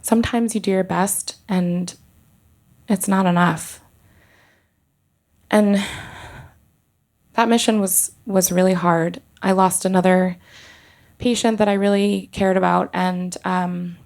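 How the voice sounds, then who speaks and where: A woman doctor telling a personal story in an earnest, halting way, with pauses and restarts. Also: on the low side, steady tone, a little mellow.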